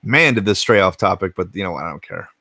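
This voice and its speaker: A man's voice: low voice, expressive, quick pace, sharp tone, no room sound. An American man hosting a casual retro gaming livestream from his home game room, laid-back and rambling, swearing freely as he answers chat. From United States.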